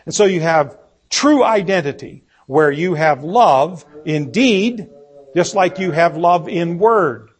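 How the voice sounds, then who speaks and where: A man's voice: on the high side, animated, takes it slowly, slightly rough. A man preaching a sermon, reading scripture aloud and repeating key words for emphasis.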